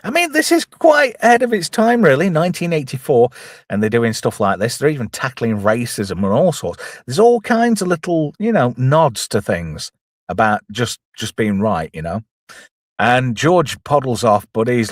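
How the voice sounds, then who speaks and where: A man's voice: mid-range voice, sing-song, moderate pace, dry recording, studio quality. A man chattily retelling a comedy film scene by scene, with self-deprecating asides. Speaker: film reviewer, channel host. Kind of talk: casual film recap.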